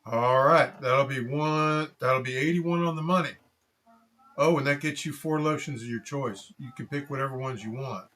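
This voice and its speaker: A man's voice: medium pitch, fairly bright tone, pitched above the performer's own voice, close to an everyday voice. Mandy, a blunt country woman, as a man puts her on. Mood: businesslike. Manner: brisk folksy drawl. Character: rural woman, blunt and businesslike.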